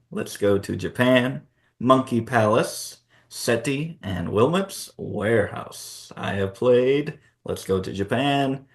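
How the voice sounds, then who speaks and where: A man co-hosting a board game channel, chatting casually about award nominees and thinking aloud with fillers. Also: on the low side.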